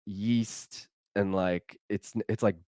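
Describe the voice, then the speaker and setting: A man's voice: fairly low pitch, steady tone, takes it slowly, warm tone, no echo, studio quality. A young man, a podcast guest, chatting casually in a laid-back way, saying "dude" and "like" a lot. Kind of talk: casual chat.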